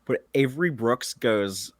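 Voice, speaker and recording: A man hosting a casual fan commentary podcast, explaining scenes in a laid-back, halting way. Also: mid-range voice, expressive, no room sound.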